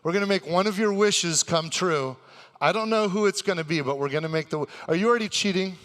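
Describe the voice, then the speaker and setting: Male stage host, excitable crowd-hyper with a forceful, slightly high voice, breaks into shouts. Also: fast, in a large hall. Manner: excitable, hype-building, bursts into shouts. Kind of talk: live stage hosting for a crowd. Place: convention stage before a live audience.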